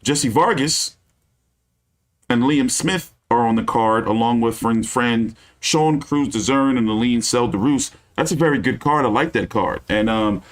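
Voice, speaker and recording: Profane, rambling boxing streamer. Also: male voice, mid-range voice, unhurried. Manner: loose, profane, ranting with many fillers. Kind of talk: casual live-stream commentary.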